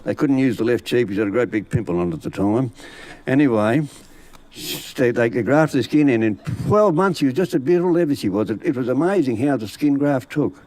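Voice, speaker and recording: A man's voice: mid-range voice, expressive, fairly quick, darkish tone, no room sound, rough recording. A man, a bush poet telling comic yarns and reciting funny poems in a folksy, chuckling way. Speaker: bush poet and yarn teller.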